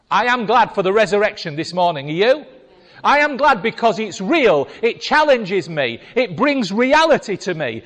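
A man's voice: high-pitched, a bit bright. A man preaching a sermon as pastor, speaking emphatically and firing rhetorical questions at the congregation in a church. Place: church hall. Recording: long reverb of a large hall.

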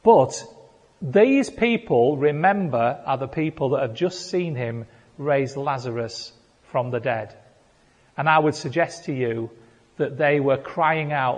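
A man's voice: mid-range voice, slow pace. A British man preaching a sermon, earnest and rising to fervent appeals. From Britain. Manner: earnest, building to fervent crying out. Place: church hall. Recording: long hall reverb.

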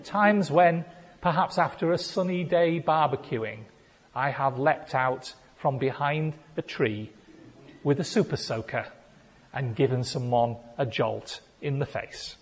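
A male pastor, preaching a playful sermon that builds to shouted declarations. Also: medium pitch, a little slow, husky. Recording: long hall reverb.

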